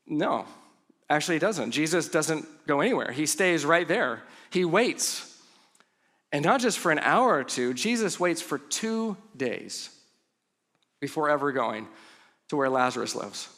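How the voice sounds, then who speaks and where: A man preaching a conversational sermon as pastor, telling the story with humorous asides and dropping to hushed tones for emphasis. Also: on the high side.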